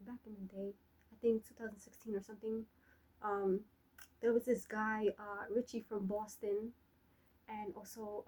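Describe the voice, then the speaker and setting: A young woman talks off the cuff in a breathy, slightly husky voice that sits a touch high. Her chat is loose and profane, full of laughter and trash talk, like an unscripted personal vlog. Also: darkish tone, low-quality recording. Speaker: vlogger. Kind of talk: rambling personal monologue.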